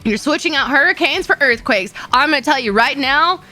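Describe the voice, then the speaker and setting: A young Southern woman chatting on her stream. Her voice is high and bright, and it swoops up and down as she tells her stories. She laughs often, and faint music plays in the background. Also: brisk. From Florida. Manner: bubbly, laughs often, animated storytelling. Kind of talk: casual chat with chat readers.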